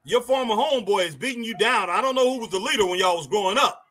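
A man hosting a casual live-stream wrestling show, reacting excitedly to matches, laughing and calling everyone "man" and "boy". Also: sits high, fast talker. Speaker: host.

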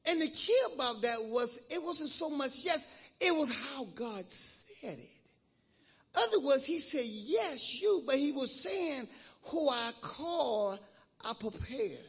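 A male preacher leading a call-and-response sermon in a church, swinging from loud shouts to hushed prayer. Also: extremely high pitch, animated, slow pace. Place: church sanctuary.

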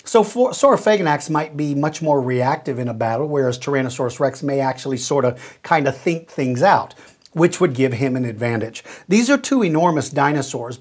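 Talking straight to young viewers, the middle-aged host of a Q&A show explains things in a warm, folksy, casual manner. He has a slightly high voice with a darkish tone.

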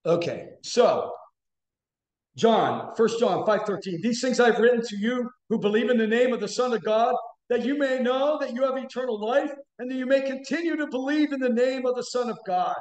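A man preaching a sermon as a guest speaker, building to emphatic, shouted bursts. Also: very high voice, normal speed. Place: church sanctuary. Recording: echoey church room.

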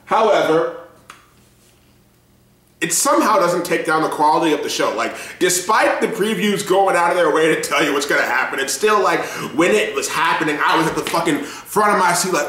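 A man giving a casual reaction review, excitable and profane, laughing often as he talks. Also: fairly high pitch, brisk, reverberant. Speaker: show reviewer.

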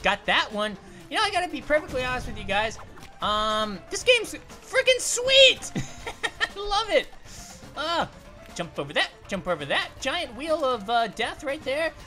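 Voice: medium pitch, moderate pace. A performer voicing a cheerful young male cartoon grape who jokes and cries out while playing a video game, over faint music. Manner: excitable, jokey, cries out at near misses. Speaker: let's play commentator. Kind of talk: cartoon character let's play commentary.

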